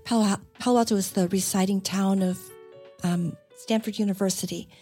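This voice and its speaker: A woman in casual conversation, telling animated stories, laughing often and voicing the people in them. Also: mid-range voice, brisk, husky, soft background music. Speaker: conversation partner. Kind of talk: casual chat.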